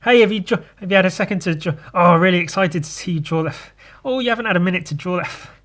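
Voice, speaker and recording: A man's voice: sits high, quick pace, a bit bright, pitched above the performer's own voice. A man mimicking a pushy fan who keeps nagging him to draw a sent photo. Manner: eager, wheedling, nagging.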